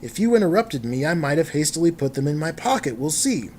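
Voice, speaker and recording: A shaken masked hero speaks slowly and solemnly, weighing each word, as a man reads the comic aloud. The delivery stays measured. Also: a little high, very animated, darkish tone, a little hiss or hum. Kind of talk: comic book dramatic reading.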